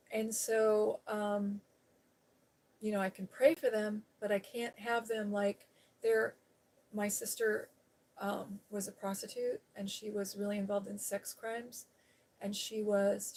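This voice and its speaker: A woman's voice: mid-range voice, a little mellow. A woman hosting a live stream, telling a personal story in a frank, rambling casual chat full of "you know" and the odd laugh. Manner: laughs while talking.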